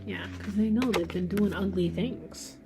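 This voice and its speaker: A woman giving a casual tarot card reading, talking informally and reading card messages aloud, often slipping into a soft half-whisper. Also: medium pitch, a little slow, noisy background. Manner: reads card messages aloud, thinking out loud.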